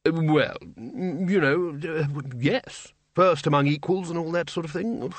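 A man's voice: on the high side, takes it slowly, no room sound, pitched above the performer's own voice. A man doing a fussy, sneering old wizard dean. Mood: awkward.

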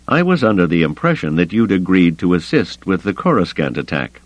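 A wary imperial captain, as voiced by a male storyteller, careful and questioning in tone. The reading is close and dry, with the narrator's deep voice only slightly reshaped. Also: very animated, a little fast, no room sound, dull audio. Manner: cautious, questioning.

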